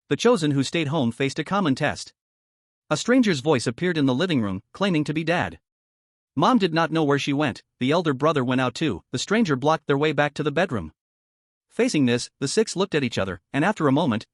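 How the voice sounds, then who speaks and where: Steady male story narrator, dry sound. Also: on the high side, dry recording.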